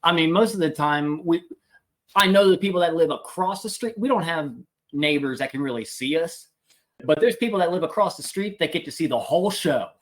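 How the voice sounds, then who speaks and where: A man, a homesteader guest on a podcast, telling a funny animal story in a casual, animated, self-deprecating way. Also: on the high side, a little fast.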